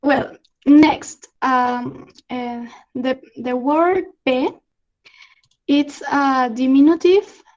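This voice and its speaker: A young Peruvian woman with a Spanish accent, teaching slang in an online lesson, halting with many fillers and frequent laughs. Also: sits high, steady tone, darkish tone, dull audio. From Peru. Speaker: student exchange presenter. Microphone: video call.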